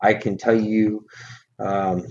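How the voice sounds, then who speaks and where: Rambling, profane American man, low voice. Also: little pitch movement, slow pace, darkish tone. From United States. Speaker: podcast co-host. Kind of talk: casual chat. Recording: dull lo-fi audio with faint hiss.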